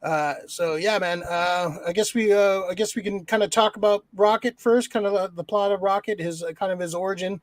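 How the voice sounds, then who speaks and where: A man's voice: high-pitched, fairly even intonation, brisk, hardly any pauses, no echo. A man co-hosting a podcast, reviewing a movie in rambling, profanity-laced casual chat full of fillers. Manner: swears a lot, rambling with many fillers. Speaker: podcast co-host.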